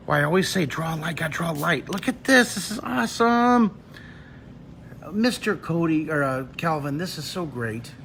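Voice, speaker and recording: A man teaching drawing on a live webcast, chatting with fans in a jokey, excitable way and breaking into delighted exclamations. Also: fairly high pitch, gravelly, slight background noise. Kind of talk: lively live-stream chat with fans. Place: a restaurant.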